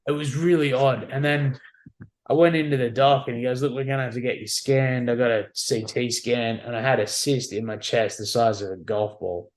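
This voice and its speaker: A man's voice: mid-range voice, steady tone, normal speed. A man in his forties talks as a podcast guest in a mid-range voice. He tells his stories in a candid, wry, casual way. He keeps checking in with "you know what I mean". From Australia. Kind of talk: casual conversational storytelling.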